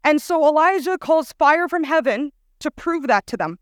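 A young woman giving a casual, storytelling youth sermon as a guest speaker, chatty and animated. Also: sits high, normal speed, no room sound, studio quality.

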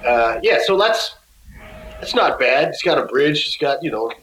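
Male guest, casual storyteller, a little high-voiced, halting with restarts, roomy echo. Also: lively intonation, background noise. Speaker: guest musician.

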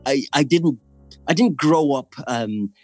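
A man from Zimbabwe with a Zimbabwean accent, an actor speaking English as a later language, talking in a relaxed conversation and often restarting his sentences with fillers. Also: medium pitch, slow pace, soft background music. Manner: hesitant, many restarts and fillers. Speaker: actor, guest. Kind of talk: casual conversation.

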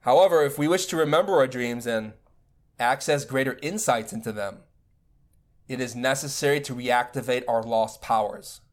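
Man giving a measured spiritual lecture. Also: medium pitch. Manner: measured, deliberate teaching delivery. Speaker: spiritual teacher.

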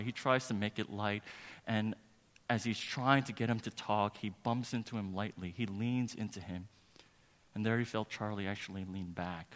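A man's voice: on the low side, fairly even intonation, moderate pace, fairly bright tone. A male pastor preaching a sermon, telling a story earnestly and building to emphatic preaching. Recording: long reverb of a large hall.

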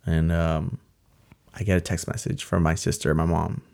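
A young man telling a personal story in casual talk, earnest and halting, with many fillers. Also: sits low, flat delivery, vocal fry, a little mellow. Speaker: guest telling his story.

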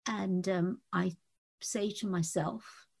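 A woman earnestly telling a personal faith testimony, reflective and halting with fillers. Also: medium pitch, steady tone, gravelly, a little mellow, slightly rough. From Indian family. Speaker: testimony speaker.

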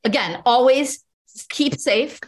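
A woman's voice: on the high side, animated, takes it slowly. A woman leading a group laughter session, coaching in an upbeat way and often laughing as she talks.

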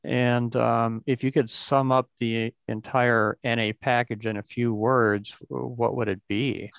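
A man's voice: medium pitch, level tone, slow pace, gravelly, fairly bright tone, clear, resonant tone, no echo. A man hosting a conversation about recovery, speaking reflectively and restarting his sentences often.

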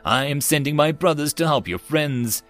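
A man voicing a small, eager AI war program with a high little voice and a cheery, talkative manner. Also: moderate pace, a bit bright, soft background music, natural voice. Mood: chirpy.

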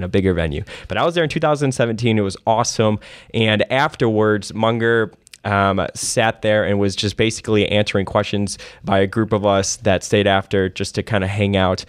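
A man's voice: on the low side, no echo. A man hosting a podcast, chatting casually and telling stories with plenty of fillers. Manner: conversational, storytelling with many fillers. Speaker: podcast host. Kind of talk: casual investing podcast chat.

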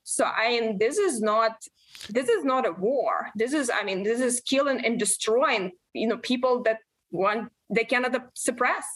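Earnest woman in her 40s, high voice, keeps restarting sentences in an interview. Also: expressive, slightly rough. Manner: earnest, halting with many restarts and fillers. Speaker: guest, member of Congress. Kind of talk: interview answers.

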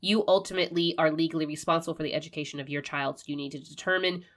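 A woman with a notably low voice hosts a homeschooling advice show. She sounds congested and nasal, and she is a little breathy. She speaks in a direct, reassuring way to the listener. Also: fairly even intonation, rapid-fire. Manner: warm, encouraging, direct-to-listener. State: nasal, stuffed-up voice. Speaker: homeschooling podcast host. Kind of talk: casual advice talk.

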